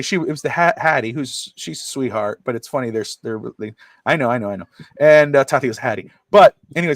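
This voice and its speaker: Fast-talking middle-aged man telling stories. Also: no echo. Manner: rambling storyteller, acts out quotes in high voices. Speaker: podcast co-host. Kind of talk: casual chat. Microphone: streamed podcast mic.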